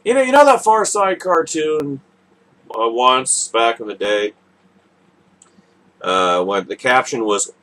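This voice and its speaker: A man's voice: mid-range voice, animated, slow pace, pauses often, bright, forceful tone. A man hosting a radio show, delivering a sarcastic, mocking political commentary monologue.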